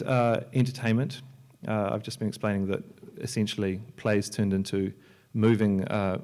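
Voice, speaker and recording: Guy with a lowish voice giving a panel talk at a library, jokey, lots of um and restarts. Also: darkish tone. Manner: joking, loose, with many restarts and fillers. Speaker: panel speaker, software entrepreneur and filmmaker. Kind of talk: conference talk. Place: lecture hall at a library.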